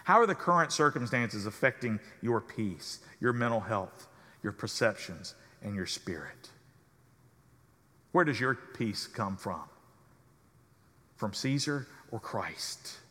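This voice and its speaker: A male pastor preaching a sermon in a measured cadence, letting his voice fall soft at the ends of phrases. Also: on the low side, lively intonation, long reverb tail.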